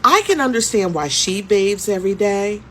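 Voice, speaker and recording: A woman acting out a condescending elderly woman, speaking in a sweetly patronizing, slow and deliberate way. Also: medium pitch, lively intonation, slight background noise, close to an everyday voice. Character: condescending elderly woman, prim and sure of herself.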